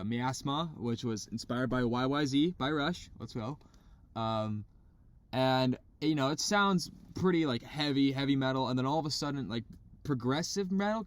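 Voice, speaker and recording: A man co-hosting a podcast from a parked car, chatting casually and excitedly about albums, swearing freely. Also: mid-range voice. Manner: excitable, swears, imitates vocals. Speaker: podcast co-host. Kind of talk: casual chat.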